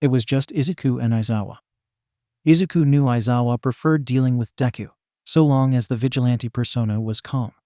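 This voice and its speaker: A man narrating a fan fiction story in an even, unhurried way. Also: mid-range voice, no echo, clean studio sound.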